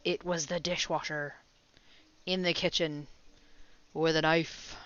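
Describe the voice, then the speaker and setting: A woman's voice: low voice, level tone, slow, a bit bright, dry recording, dull audio. A woman hosting a casual crochet livestream, chatting with viewers and laughing often. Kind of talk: casual live chat with viewers.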